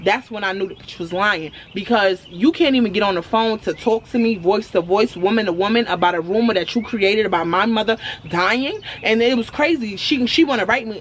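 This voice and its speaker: A woman telling a storytime to her viewers, blunt and animated. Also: medium pitch, brisk, few pauses, slight background noise. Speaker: storytime vlogger. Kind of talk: casual storytelling to camera.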